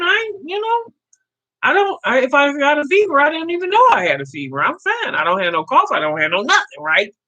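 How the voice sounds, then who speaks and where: A woman's voice: mid-range voice, sharp tone. A woman, casually telling a story to her viewers, acting out the dialogue and laughing often. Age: 50s. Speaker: vlogger.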